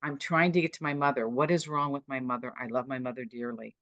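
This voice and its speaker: A woman's voice: a bass voice, steady tone, fast talker, a bit bright, no room sound, highs cut off. A woman in her sixties, a podcast guest, retelling her own caregiving story in vivid, dramatic short sentences. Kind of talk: personal storytelling.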